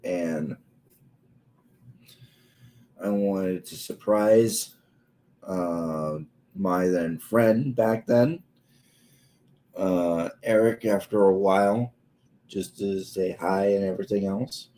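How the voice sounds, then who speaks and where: Give me a young man telling a casual stream story in a slow, halting way, with a low voice and lots of fillers. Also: fairly even intonation, warm tone, low-quality recording. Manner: halting, full of pauses and filler words.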